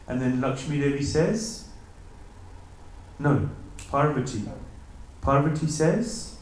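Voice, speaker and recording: Male temple lecturer, animated storyteller, recorded from afar in a very reverberant hall. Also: mid-range voice, slow, long pauses, slight background noise. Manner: animated storyteller, acts out voices of characters. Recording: very echoey hall, mic at a distance.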